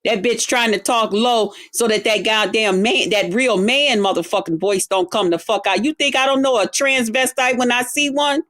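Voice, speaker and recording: A woman's voice: fairly high pitch, moderate pace, few pauses, fairly bright tone. A woman ranting angrily at her viewers on a livestream, cursing and confrontational, stretching out words for emphasis. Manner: angry, profane, confrontational. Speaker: streamer addressing her viewers. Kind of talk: heated livestream rant.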